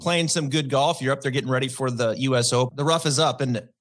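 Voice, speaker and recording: A man's voice: mid-range voice, fairly bright tone. A man hosting a golf podcast, asking a guest questions in a chatty, encouraging way. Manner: chatty, encouraging, quick to laugh. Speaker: podcast host. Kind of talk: casual interview.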